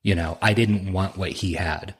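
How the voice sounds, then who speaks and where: A man's voice: sits low, steady tone, moderate pace, breathy edge. A man on a podcast as a guest, casually telling a laugh-filled, profane story from his army days. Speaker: podcast guest, helicopter crew chief.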